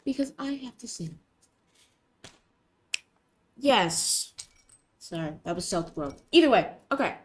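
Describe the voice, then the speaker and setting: A woman's voice: mid-range voice, expressive, slow, pauses often, slight background noise. A young woman talking casually in a rambling, dramatic, self-mocking vlog. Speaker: vlogger.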